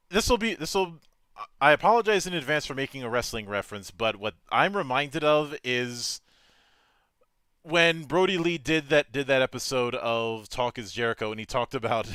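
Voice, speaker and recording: A man's voice: medium pitch, a bit bright, smooth, no echo. A man in a casual podcast chat, making digressive asides with many restarts.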